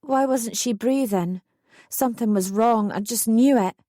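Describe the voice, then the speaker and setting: A woman's voice: fairly high pitch, a little slow, mellow, no room sound, studio quality. A woman narrating a first-person true story audiobook with feeling. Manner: emotional memoir reading, acting out quotes.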